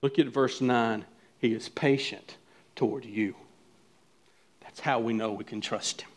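A pastor preaching a sermon, swinging from quiet, hushed statements to loud, pleading questions to the congregation. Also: male voice, mid-range voice, fairly even intonation, measured pace.

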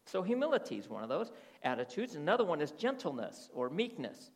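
A man's voice: a little high, very animated, brisk. A middle-aged man preaching a sermon as pastor, often checking in with his listeners through rhetorical questions. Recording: reverberant hall.

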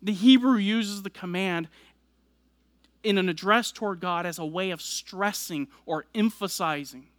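A man's voice: sits high, a little slow, no echo. A man preaching a sermon, explaining scripture verse by verse and building emphasis as he goes. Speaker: pastor.

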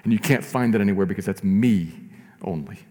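A man preaching a sermon as pastor, earnest, rising to emphatic lines and dropping to soft, slow ones. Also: on the low side, big-room sound.

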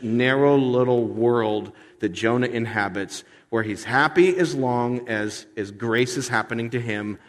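Man preaching in a reverberant hall. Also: mid-range voice. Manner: lively preaching with acted-out voices and self-deprecating humor. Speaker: pastor. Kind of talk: sermon.

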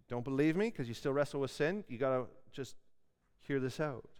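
A man's voice: medium pitch, lively intonation, normal speed, a little mellow, clean tone. A man preaching a sermon as pastor, earnest and pressing hard on key words. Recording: long hall reverb.

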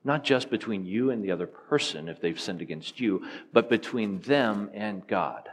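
A man's voice: on the low side, expressive, normal speed, breathy edge. A man preaching a sermon, teaching in an earnest, emphatic way and asking rhetorical questions.

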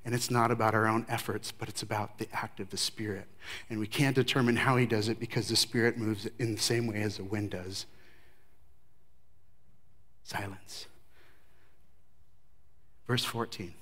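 A middle-aged male pastor preaches a sermon, telling the story with lively emphasis that sinks into soft, low passages.

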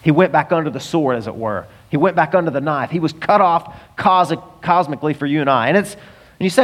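Animated, fairly high-voiced male preacher. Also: brisk. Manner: animated storytelling preacher, rising to emphatic peaks. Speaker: pastor. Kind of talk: sermon.

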